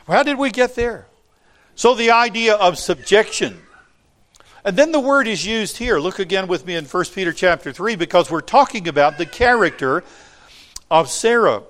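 A man's voice: high voice, a bit bright. A man preaching a sermon, reading scripture aloud and explaining it with wry asides to the congregation.

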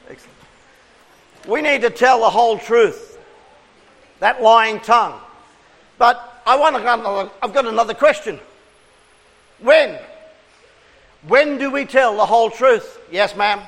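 A man's voice: extremely high pitch, slow, pauses often, a bit bright, in a large hall. A man preaching an interactive sermon, coaxing the congregation with questions and call-and-response.

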